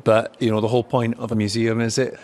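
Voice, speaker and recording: A Scottish man co-hosting a podcast, chatting lively and casually in a museum gallery. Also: medium pitch, quick pace. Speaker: podcast co-host. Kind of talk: casual chat.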